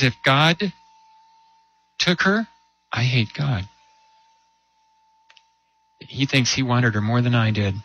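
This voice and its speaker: A man preaching a sermon, telling a story with rhetorical questions and slowing down to stress key words. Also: medium pitch, bright, forceful tone, highs cut off. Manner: storytelling with rhetorical questions and slow emphatic drops.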